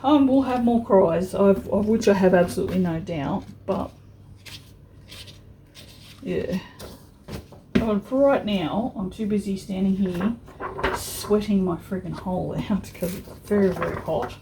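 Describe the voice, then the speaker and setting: A woman's voice: mid-range voice, unhurried, vocal fry, pauses often, background noise. A woman vlogger chatting frankly while she works on a craft project, with mild swearing and many restarts. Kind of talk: casual chat while crafting.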